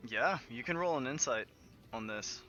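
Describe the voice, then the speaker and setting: A man's voice: mid-range voice, expressive, bright, forceful tone. Man running a tabletop game, dull audio. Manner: brisk, asks players questions. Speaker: game master.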